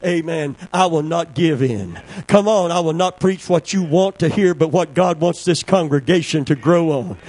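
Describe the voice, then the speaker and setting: A man preaching a sermon with a notably high-pitched voice. He speaks as a fervent preacher, driving his points home by repeating key words, and the whole delivery has the full conviction of a pulpit testimony. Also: moderate pace, hardly any pauses, a little mellow, poor audio. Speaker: pastor.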